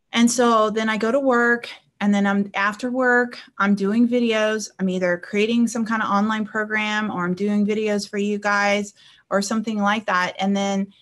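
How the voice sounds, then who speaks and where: A woman's voice: medium pitch, steady tone, normal speed, a bit bright. A woman life coach talking casually to her viewers on a live stream, telling personal stories and checking in with them. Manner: chatty, anecdotal, checks in with listeners.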